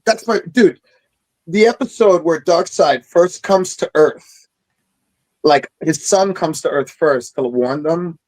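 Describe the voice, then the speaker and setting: An excited man telling stories in casual chat, swearing freely as he talks. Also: fairly high pitch, slow, poor audio. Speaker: podcast host.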